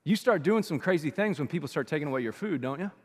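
A male pastor preaching a sermon in a church, talking in an animated, conversational way that swings between loud bursts and quiet asides. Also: on the high side, fast talker, big-room sound. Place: church sanctuary.

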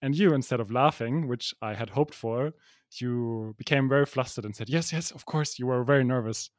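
A man's voice: medium pitch, fairly quick, dry recording, clean studio sound. A man co-hosting a podcast from his apartment, chatting casually and often poking fun at himself. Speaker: podcast co-host. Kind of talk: casual chat.

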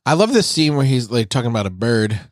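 A man's voice: medium pitch, big pitch swings, fast, dry recording. Man retelling anime scenes, dry sound. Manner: retells scenes with quoted character lines. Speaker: anime review podcast co-host. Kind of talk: casual chat.

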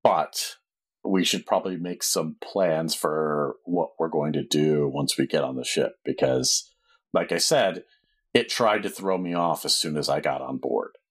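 A battered, earnest guide, as a man puts him on in a tabletop game, explaining his story plainly. The voice sits very low and has a husky, slightly rough grain. He wants the party to keep moving. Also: a little slow, heavily acted. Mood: urging.

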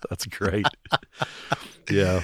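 A man, a musician telling stories in an animated, casual way. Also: lowish voice, very slow, no echo, studio quality. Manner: animated, acts out voices. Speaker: musician guest. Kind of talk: casual storytelling.

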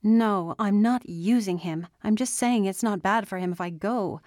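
A woman voicing a stubborn, desperate teenage girl who argues insistently and sometimes breaks into yelling. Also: mid-range voice, normal speed, dry recording, studio quality, lightly acted. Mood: defensive. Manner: insistent, argumentative, rising to yells.

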